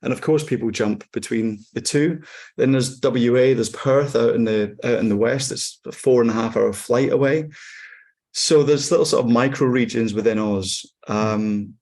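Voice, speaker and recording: A Scottish actor in his forties, chatting in an interview in a relaxed, wry way with frequent ums and restarts. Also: medium pitch, normal speed. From Scotland. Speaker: actor guest. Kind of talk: casual interview chat.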